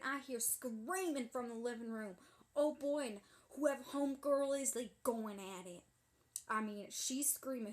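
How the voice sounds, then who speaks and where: Woman playing sassy gossiping young woman. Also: high-pitched. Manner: breathless, indignant, gossipy storytelling. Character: sassy dramatic young woman telling a wild story. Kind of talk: comedic character monologue.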